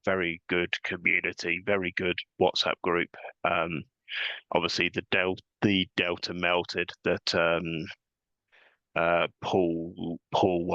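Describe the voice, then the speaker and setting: A man hosting a casual podcast chat, relaxed and rambling, chuckling often. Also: deep voice, gravelly, no room sound. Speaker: podcast host. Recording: dull lo-fi sound.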